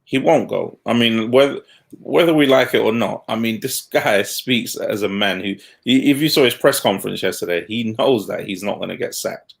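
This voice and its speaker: Casual male co-host, low gravelly voice, blunt and quick to laugh. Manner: blunt, laughs at his own points. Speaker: podcast co-host. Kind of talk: casual football chat.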